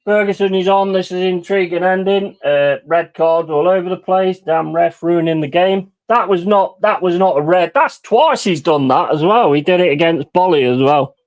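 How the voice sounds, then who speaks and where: A man's voice: high-pitched, moderate pace, hardly any pauses. A man hosting a football watch-along, ranting furiously with heavy swearing about refereeing decisions. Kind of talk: live football reaction commentary.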